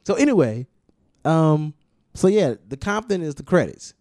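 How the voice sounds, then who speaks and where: A man's voice: on the high side, very animated, normal speed, dark tone, dry recording, clean studio sound. A man hosting a casual podcast and explaining at length, with restarts and emphatic repetition. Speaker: podcast host discussing music.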